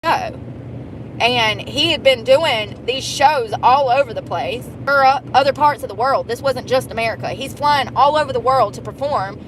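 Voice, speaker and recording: A woman's voice: sits high, normal speed, a bit bright, slight background noise, poor audio. A woman chatting casually while driving, profane and laughing often. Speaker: vlogger. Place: car.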